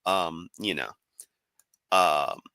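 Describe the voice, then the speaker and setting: A man's voice: sits low, very slow, pushed and bright, clean tone, no room sound. A man giving sarcastic, profane, rambling commentary on a live stream.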